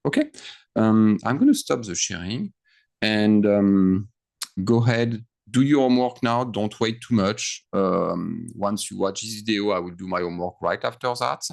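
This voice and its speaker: A man's voice: lowish voice, expressive, normal speed, creaky. A man teaching a grammar lesson over screen share, thinking aloud and checking in with frequent questions. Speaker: French teacher.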